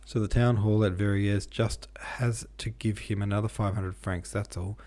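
Male reader, lowish voice, reads a novel aloud and trips over words, correcting himself. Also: steady tone, normal speed, warm tone. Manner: reads with stumbles and self-corrections. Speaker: audiobook reader. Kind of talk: unpolished audiobook reading.

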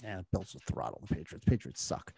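A man's voice: low-pitched, big pitch swings, fast, gravelly, dark tone, slightly rough, dry recording, studio quality. American man, casual sports podcast host. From United States.

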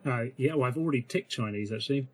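A man's voice: medium pitch, quick pace, darkish tone, breathy edge. A man playing a tabletop role-playing game, chatty, laughing easily and thinking aloud with many fillers. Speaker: player.

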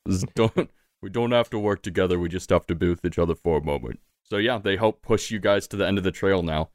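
An easygoing game master with a low voice, narrating scenes and calling for dice rolls. He laughs often, and the sound is dry and close, with no room around it. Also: a little fast, dry recording.

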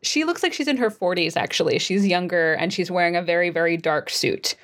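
A woman game master narrating a tabletop role-playing scene in a relaxed, hesitant way, with many fillers. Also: on the low side, fairly quick.

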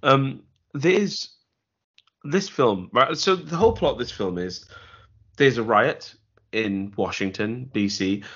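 A man's voice: medium pitch, lively intonation, slow pace, a bit bright, slightly rough. A man co-hosting a casual film podcast, rambling with many restarts and dry jokes. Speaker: podcast co-host. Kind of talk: casual film review chat. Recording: dull lo-fi audio.

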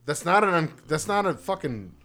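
A man's voice: on the high side, sing-song, moderate pace, sharp tone. A man with an East Coast accent telling a heated story on a podcast, swearing freely. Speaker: podcast co-host. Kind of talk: casual podcast chat.

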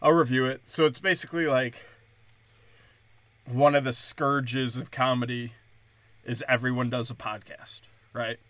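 A man's voice: medium pitch, level tone, measured pace, pauses often, sharp tone, dry recording. A man hosting his own comedy podcast, talking casually and rambling with frequent swearing from a small closet. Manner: rambling, profane, conversational. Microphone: headphones and studio mic.

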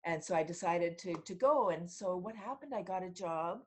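A middle-aged woman from Canada, a podcast guest telling stories in casual conversation, animated and often laughing as she acts out what people said. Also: fairly low pitch, normal speed. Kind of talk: casual storytelling in an interview.

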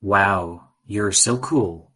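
A man's voice: fairly low pitch, extremely slow, bright, forceful tone, breathy edge, exaggerated voice. A man voicing a brave, curious little boy in a storybook, earnest and eager.

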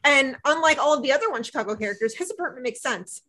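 A woman co-hosting a casual podcast, retelling a TV episode in animated chat and acting out the dialogue. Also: sits high, quick pace. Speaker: podcast co-host.

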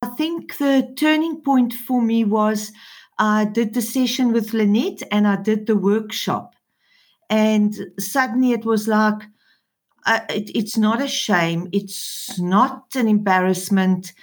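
A woman speaks slowly and hesitantly as she gives a reflective personal testimonial. She pauses and restarts often. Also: medium pitch. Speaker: community member testimonial.

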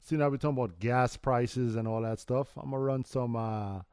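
A man's voice: mid-range voice, normal speed, darkish tone, smooth, no echo, studio quality. Provocative Canadian podcast co-host, man. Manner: provocative, argumentative, repeats his points. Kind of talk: casual chat.

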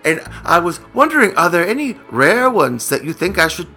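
A man's voice: high-pitched, big pitch swings, normal speed, soft background music, full character voice. A man putting on an Indian English accent to play a polite, congenial male call-center agent who collects toys. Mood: friendly. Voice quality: courteous, gently eager.

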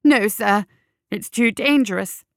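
A woman's voice: fairly low pitch, a little fast, creaky, no room sound, studio quality. A woman voicing a wily, theatrical male coroner. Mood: mock earnest. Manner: conspiratorial whispers, frantic shouting.

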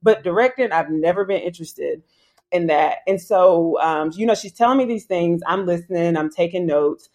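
A woman's voice: on the low side, moderate pace. A woman in her thirties from South Carolina with a Southern accent, telling stories casually as a guest in an interview and acting out dialogue. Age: 30s. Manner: animated, acts out dialogue, laughs often. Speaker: guest filmmaker.

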